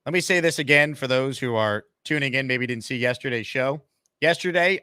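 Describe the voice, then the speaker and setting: A man's voice: mid-range voice, pushed and bright, no echo, clean studio sound. A man hosting a live call-in sports talk show, upbeat and hyping callers and promotions. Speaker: show host.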